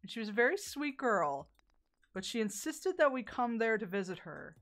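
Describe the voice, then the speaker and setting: While playing a game, a young woman from the American South banters with her stream chat, laughing frequently and swearing without restraint. She speaks a little high in a sing-song way, at a moderate pace, with a fairly bright tone.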